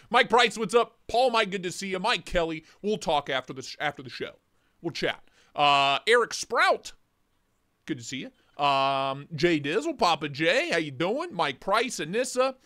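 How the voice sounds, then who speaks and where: A man's voice: high-pitched, a bit bright. A man hosting a casual morning livestream. He greets viewers by name, jokes and rambles. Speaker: livestream host.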